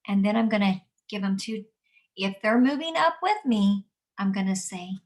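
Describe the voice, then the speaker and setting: A woman teaching adults about guiding upset children, explaining calmly and repeating her key points. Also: medium pitch, normal speed. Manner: calm, repetitive, explanatory. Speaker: early childhood trainer. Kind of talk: instructional talk.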